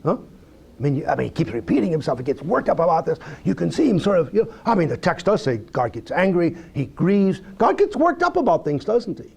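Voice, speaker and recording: A man's voice: a little high, fairly quick, vocal fry, husky. A man teaching a Bible study in a conversational lecture style, reading scripture aloud and asking rhetorical questions. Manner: animated, reads scripture aloud.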